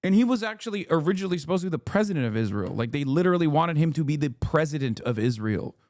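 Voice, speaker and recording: Profane, animated male streamer. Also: fairly high pitch, fast, dry recording, clean studio sound. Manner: loose and profane, many fillers, animated when quoting. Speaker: streamer reacting to a video. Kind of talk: casual reaction commentary.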